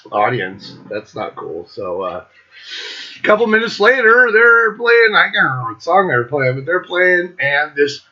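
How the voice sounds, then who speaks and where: The audio is dull as a middle-aged man with a sharp, medium-pitched voice hosts his own show. He loosely rambles through a concert story, laughing and swearing plenty along the way.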